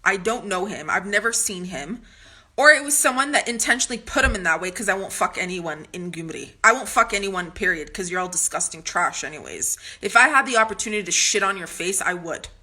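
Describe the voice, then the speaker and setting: A woman vents straight to camera in a blunt, confrontational monologue full of swearing, her sentences stopping and restarting as she pushes on. Her voice is bright and forceful. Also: medium pitch, lively intonation, brisk. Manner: ranting with frequent restarts. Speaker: vlogger.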